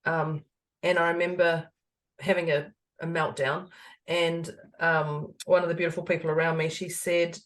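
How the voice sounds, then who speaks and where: A middle-aged woman co-hosting a motivational podcast, chatty and expressive, telling personal stories and laughing often. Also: deep voice, moderate pace. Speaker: podcast co-host, stress coach. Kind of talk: casual motivational chat.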